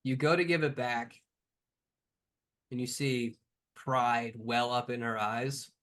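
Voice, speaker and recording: A man's voice: medium pitch, steady tone, slow, a bit bright. A man running a tabletop game as game master, narrating loosely with lots of fillers.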